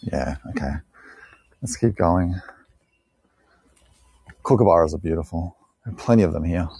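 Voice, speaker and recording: A man's voice: deep voice, animated, moderate pace, creaky, mellow, slightly rough, no echo. An Australian man chatting with live viewers on an outdoor walking tour, rambling, joking and laughing often. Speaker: live-stream tour guide. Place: outdoors on a bush walk.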